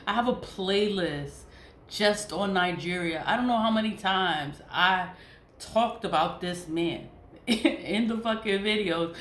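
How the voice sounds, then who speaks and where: A woman's voice: mid-range voice, a bit bright. A woman vlogger venting in a casual monologue, profane and exasperated, laughing often between complaints. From United States. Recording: echoey room with faint noise.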